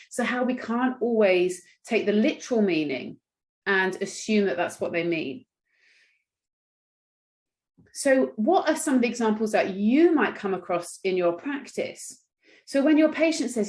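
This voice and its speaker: A woman from England teaching international doctors in an online masterclass, explaining calmly and acting out quoted patients. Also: medium pitch.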